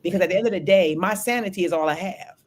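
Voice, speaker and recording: Brief: woman podcast co-host, fast, lively storyteller, acts out every line of dialogue. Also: fairly low pitch. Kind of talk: casual chat.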